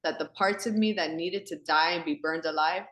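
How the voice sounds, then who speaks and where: A woman hosting a women's circle on a phone call. She talks with earnest feeling, often says "like", and breaks into animated, excited voices. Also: low-pitched, moderate pace, roomy sound. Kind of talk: spiritual talk to a women's group. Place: home in Miami.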